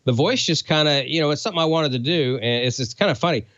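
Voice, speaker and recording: A man's voice: a little high, quick pace, no echo, muffled recording. A man from Oklahoma, a radio broadcaster and co-host, telling stories in casual chat with lots of fillers. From Oklahoma, USA. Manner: relaxed storytelling with fillers.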